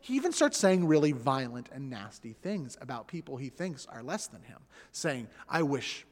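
A man in his thirties preaching as a pastor, an animated storyteller who acts out the voices in his stories. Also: mid-range voice, normal speed. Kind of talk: sermon. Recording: long hall reverb.

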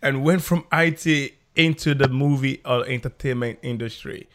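A man's voice: medium pitch, normal speed, noisy background. A man hosting a podcast, asking eager questions with frequent restarts. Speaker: podcast host. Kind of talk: conversational interview.

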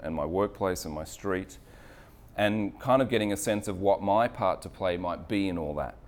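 A man's voice: low-pitched, a little hiss or hum. A man giving an earnest, reflective faith talk in an air-conditioned cafe. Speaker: speaker sharing faith reflections.

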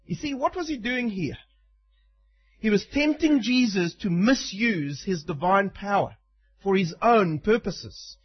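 A man's voice: high voice, lively intonation, unhurried, breathy edge, muffled recording. A man preaching a sermon in an emphatic way, acting out the quoted lines.

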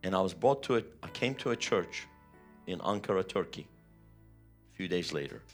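A man's voice: deep voice, expressive, normal speed, soft background music. A man preaching a sermon, retelling a personal testimony with vivid, emotional storytelling. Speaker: pastor.

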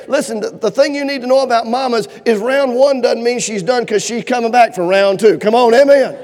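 High-voiced preacher in a reverberant hall. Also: male voice, fast. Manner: folksy, animated, calls for amens and shows of hands. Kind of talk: humorous sermon. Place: church auditorium. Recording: long reverb of a large hall.

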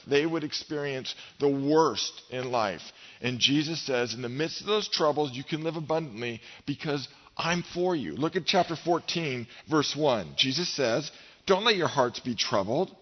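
A middle-aged male pastor delivers a fervent sermon in a church sanctuary. His voice climbs for the scripture quotes and sinks low and soft for his personal stories. The sound is dull and lo-fi, with a long reverb trailing through the hall. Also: animated, moderate pace.

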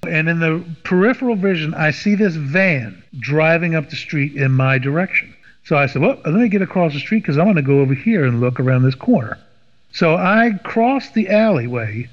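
A middle-aged man from Washington, D.C. tells a story in casual talk, acting out quoted voices as he goes. His voice sits a little high. The recording is dull and lo-fi, with a long, trailing reverb. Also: moderate pace. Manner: animated, acts out quoted voices. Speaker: podcast guest.

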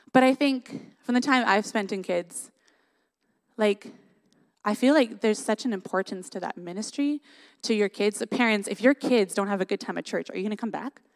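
A young woman giving a sermon in an earnest, conversational way, often adding "like" and "right?". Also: medium pitch. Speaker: worship leader giving a church talk.

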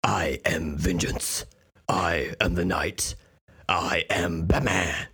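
A gruff, self-serious caped vigilante with a speech impediment, as a man puts him on for a comedy podcast. His lines drop low and crawl out slowly in a husky tone, halting over every word. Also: fairly even intonation, pushed and bright, full character voice. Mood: brooding.

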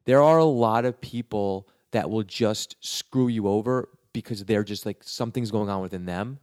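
A man's voice: fairly low pitch, normal speed, hardly any pauses, darkish tone, no room sound, clean studio sound. A man from New York telling a long personal story in a casual, rambling way, with many restarts and acted-out quotes. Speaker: guest telling his career story.

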